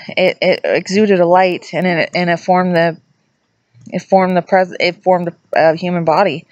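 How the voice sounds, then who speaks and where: A middle-aged woman tells a ghost story in a loose, chatty way, wandering into asides and restarting her sentences. Her voice sits fairly low for a woman. The sound is dry and close, with little room around it. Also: steady tone, measured pace, darkish tone, no room sound, highs cut off. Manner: acts out quoted voices in a higher pitch. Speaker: vlogger telling a ghost story. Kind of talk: casual storytelling to camera.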